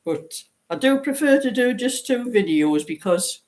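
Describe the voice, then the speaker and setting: Fairly high-pitched and expressive, yet a little slow and darkish in tone, this woman in her seventies hosts a knitting livestream. Chatting casually in a light Geordie accent from Newcastle in northeast England, she rambles and breaks into laughter often.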